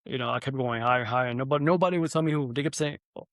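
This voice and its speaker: A young man hosting a podcast, telling an animated, profanity-heavy story in casual chat. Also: medium pitch, very fast, no echo. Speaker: podcast host.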